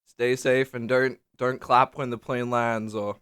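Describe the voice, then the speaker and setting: This casual vlog features a young man from Australia telling meandering, swear-laden travel tales to camera, peppered with "like," in a small lamp-lit room. His delivery is flat and unhurried at a medium pitch, with a fairly bright, clean, echo-free studio sound.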